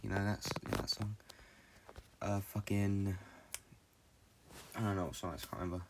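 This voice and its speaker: Young british guy rambling into a home mic, lowish voice, swears a lot, faint hiss behind. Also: level tone, vocal fry. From Britain. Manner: halting, swears often, low-key and confessional. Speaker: podcast host. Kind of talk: rambling solo podcast monologue.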